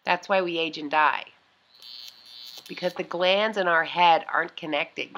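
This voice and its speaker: A woman's voice: lowish voice, steady tone, normal speed, a bit bright, highs cut off, a little hiss or hum. Rambling, chatty woman vlogger. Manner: rambling, chatty, trails off and restarts often. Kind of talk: casual chat reviewing beauty gadgets.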